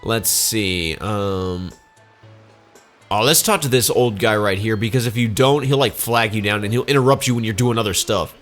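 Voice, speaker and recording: A man's voice: on the low side, normal speed, fairly bright tone, soft background music. A man casually commenting on a video game as he plays, sarcastic and joking. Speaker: let's play host.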